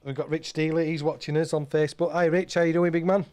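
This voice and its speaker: A man's voice: a little high, flat delivery, quick pace, darkish tone, soft background music. A man presenting local radio, chatting casually and rambling, often repeating and restarting his words.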